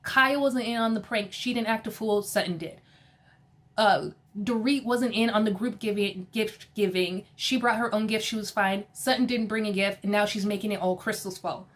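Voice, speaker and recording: A woman recapping a reality show in a casual, opinionated way, animated and sassy, often laughing and quoting people in exasperated voices. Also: mid-range voice, normal speed.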